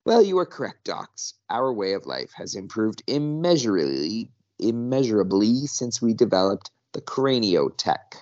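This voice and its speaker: A man's voice: on the low side, very animated, a little slow, darkish tone, muffled recording, pitched above the performer's own voice. A man voicing a cold, clinical alien that treats others as objects, speaking in a detached, formal way. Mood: coolly curious. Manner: detached, formal, matter-of-fact.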